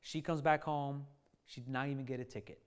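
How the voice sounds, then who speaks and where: A man in his thirties telling a funny family story to a live audience, lively and joking, often laughing at his own lines. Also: mid-range voice, fairly quick, noisy background. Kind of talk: animated anecdote to a live audience.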